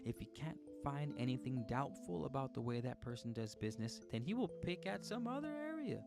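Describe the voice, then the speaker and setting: A man's voice: medium pitch, very animated, brisk, gravelly. A man hosting a livestream, reading a book aloud and breaking off to chat and joke with his viewers. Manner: playful, chatty, joking with viewers. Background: guitar music.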